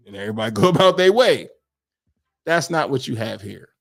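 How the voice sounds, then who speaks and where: A man co-hosting a podcast, telling a story in casual chat, animated, acting out quotes and laughing often. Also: medium pitch, moderate pace, vocal fry, long pauses. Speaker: podcast co-host.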